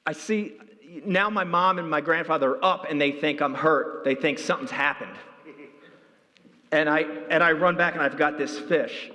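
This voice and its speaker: Man, keynote talk, lively storytelling, somewhat high voice, long hall reverb. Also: moderate pace. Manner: animated, voice jumps high when excited. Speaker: keynote speaker. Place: large hall.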